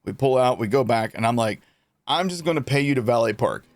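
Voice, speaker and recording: A man's voice: mid-range voice, fairly quick, no room sound. A man streaming a game, casually telling his chat a long story, laughing and acting out what people said. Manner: animated, laughing, acts out quotes.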